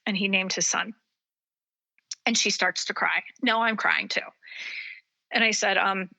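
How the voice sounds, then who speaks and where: A woman psychic medium appears as a guest on an interview show and haltingly retells a personal story, full of ums and restarts. Her voice is medium-pitched, bright, and forceful.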